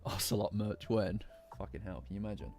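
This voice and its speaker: A man's voice: lowish voice, animated, a little fast, vocal fry, darkish tone. A man with a lingering cough, chatting casually and rambling with his live-stream audience, swearing now and then. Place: cold room at home. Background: faint lo-fi music.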